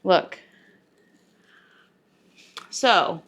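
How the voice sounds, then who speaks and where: A woman, chatting to camera as a home cooking vlogger, talkative and sentimental, her voice going soft when she is moved. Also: mid-range voice, lively intonation, a little slow, long pauses. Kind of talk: casual talk to camera.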